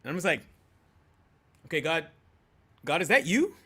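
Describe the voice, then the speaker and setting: Young man, podcast guest, relaxed storytelling, slightly high voice, bright tone. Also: moderate pace, slightly rough. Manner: relaxed, many fillers like "you know" and "um". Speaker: guest, host's husband. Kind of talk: casual storytelling.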